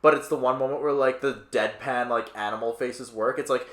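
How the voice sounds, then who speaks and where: A man's voice: medium pitch, fairly even intonation, a bit bright. Rambling young man in an echoey room. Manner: rambling, full of fillers and quick asides, laughs easily. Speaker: podcast co-host. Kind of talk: casual film review chat. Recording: roomy echo.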